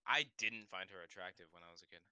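Young dude, low-ish voice but super bright and crisp, dry sound, blunt crude jokes. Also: male voice, expressive, fast, no room sound. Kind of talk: casual chat.

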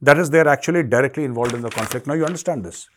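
A man's voice: mid-range voice, rapid-fire, a little hiss or hum. A man with an Indian accent hosting a solo current affairs commentary, lecturing the audience and repeating key points for emphasis. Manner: lecturing, addresses the audience directly. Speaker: show host and commentator.

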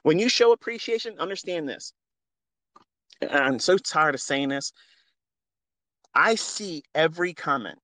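A man talks straight into his phone with a fairly high voice, dry and close with no room around it. He preaches in an unscripted, earnest way and swears freely. His level swings from low and quiet to loud and pressing. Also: lively intonation, measured pace, long pauses, no room sound. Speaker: trading mentor hosting a live audio space. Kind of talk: impassioned unscripted monologue.

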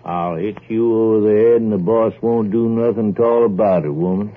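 An actor as a surly deep-voiced idle husband. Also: male voice, brisk, lightly acted. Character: lazy boastful young husband, thuggish and idle. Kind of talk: 1940s radio acting. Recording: tinny old radio broadcast.

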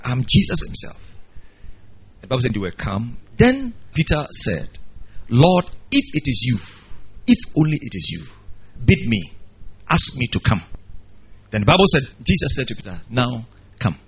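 A man's voice: huge pitch swings, moderate pace, pauses often, slightly rough. A man preaching a sermon with dramatic, rising and falling delivery. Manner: dramatic preaching with wide swings of pitch and loudness. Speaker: pastor.

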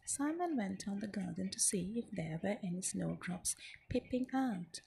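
Soft-spoken woman, whispered ASMR storytelling. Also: medium pitch, animated, normal speed, creaky, slight background noise, rough recording.

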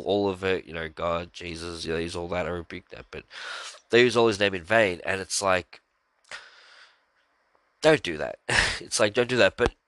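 A man's voice: low-pitched, pushed and bright, no echo. A man hosting a podcast, talking earnestly and rambling about his faith, with frequent fillers and sighs. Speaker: podcast host. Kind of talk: casual religious monologue.

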